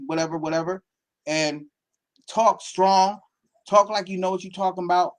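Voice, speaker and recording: High-voiced animated man. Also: normal speed. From Pittsburgh. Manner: animated storytelling, acts out quotes. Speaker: football academy coach and guest. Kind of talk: casual interview talk.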